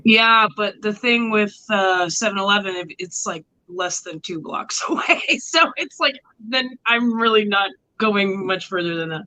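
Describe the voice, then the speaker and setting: Speaking at a measured pace with few pauses, this livestream co-host sounds tired as she rambles through late-night chat heavy on "like" and curse words. Her voice is medium in pitch with a sharp edge, and the phone-mic recording is low quality.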